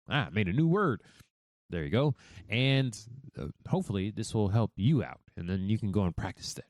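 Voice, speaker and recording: A man's voice: on the low side, expressive, normal speed, a little mellow, no room sound, clean studio sound. A man from the United States hosting a podcast, talking candidly and thoughtfully with frequent restarts. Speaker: podcast host. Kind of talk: reflective solo podcast talk.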